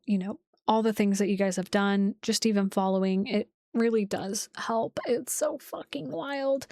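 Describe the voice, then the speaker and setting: A woman's voice: mid-range voice, no room sound, studio quality. A woman astrologer hosting a casual livestream, talking loosely with many "like"s and restarts. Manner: rambling, full of "like" and restarts. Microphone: streaming setup, seated in a chair.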